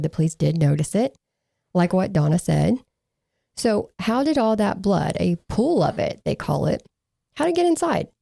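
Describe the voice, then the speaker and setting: A woman's voice: fairly low pitch, gravelly, warm tone, no room sound. A woman co-hosting a true crime podcast, reading from case reports with dry, sarcastic asides.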